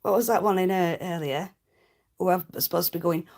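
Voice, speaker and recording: A woman's voice: fairly low pitch, a little fast, a little mellow. A woman hosting a casual livestream, chatting cheekily with viewers and laughing often. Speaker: livestream host.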